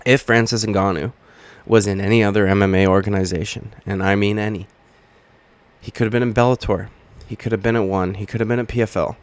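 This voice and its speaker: Fired-up dude cussing his way through an mma rant to camera, kinda low voice. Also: no room sound. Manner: profane, combative, heated. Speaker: MMA commentary channel host. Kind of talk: ranting video commentary. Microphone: webcam or camera mic.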